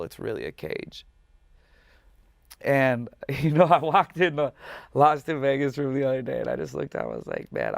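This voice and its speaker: A man's voice: mid-range voice, gravelly, no room sound, clean studio sound. A man speaking as a musician guest in an interview, candid, emotional and passionate, swearing freely.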